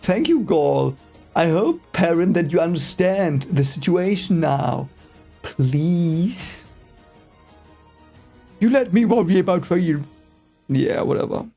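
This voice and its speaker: A man's voice: fairly high pitch, vocal fry, dark tone. A man whose first language is German, casually reading a book aloud for the first time and reacting with rambling, hesitant, exasperated asides.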